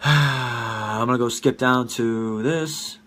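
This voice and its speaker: A man's voice: mid-range voice, steady tone, slow pace, bright, forceful tone. A man in his twenties hosting a casual live-streamed podcast from home, telling rambling, profane stories and laughing often. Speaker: podcast host.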